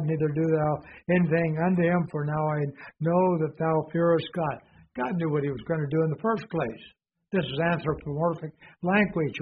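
Man, preacher, fairly high voice, reading scripture and explaining it, tinny phone-like sound. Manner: reads scripture aloud, then explains it with questions to the listeners. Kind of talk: verse-by-verse sermon. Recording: tinny phone-like recording with faint hiss.

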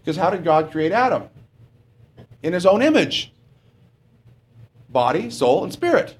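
Man preacher, conversational sermon, checks in with the congregation, animated pitch, voice sits a little high. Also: a little slow. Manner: conversational, asks the congregation questions; often adds "okay?".

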